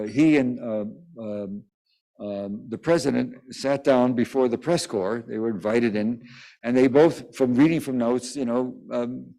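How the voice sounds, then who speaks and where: A man answering a reporter's question at a press conference, talking in a halting, digressive way with many restarts. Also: medium pitch, mellow, low-quality recording.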